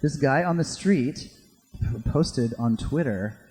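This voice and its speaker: A man co-founder telling a story in a stage interview, animated and acting out other people's lines with laughter. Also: medium pitch, slow pace. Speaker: startup co-founder. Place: event stage in a hall. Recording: long reverb of a hall.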